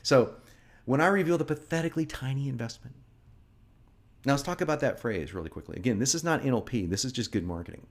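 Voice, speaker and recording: A middle-aged man teaching marketing, reading lines from his own sales script aloud and critiquing them in a lively way, often chuckling. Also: mid-range voice, fast. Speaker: marketing instructor.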